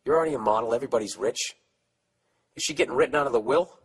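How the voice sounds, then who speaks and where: A man's voice: mid-range voice, racing, breathy edge. A middle-aged man hosting a podcast, giving blunt, profane comedic advice in a rambling way while reading out listener letters. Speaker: podcast host.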